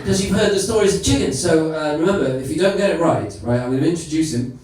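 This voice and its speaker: Loud joking man compering a comedy night. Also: a little high, fast talker. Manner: jokey, loud, hyping the crowd. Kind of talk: stand-up compering. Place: live comedy venue. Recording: echoey hall from far off, crowd noise.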